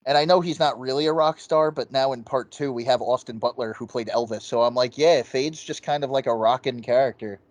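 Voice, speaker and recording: A man's voice: medium pitch, fairly quick, hardly any pauses, no room sound. A man co-hosting a laid-back movie review, swearing freely and getting worked up over the goofy scenes. His voice sits in an ordinary middle range and sounds close and dry, with almost no room in it. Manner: excited, profane, quotes scenes in goofy voices. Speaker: podcast co-host. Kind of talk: casual movie review chat.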